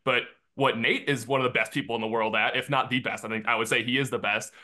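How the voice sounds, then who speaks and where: Confident bright-voiced man from Minnesota. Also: mid-range voice, fast. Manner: confident, animated when acting out quotes. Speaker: content creator and guest. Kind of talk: casual interview storytelling.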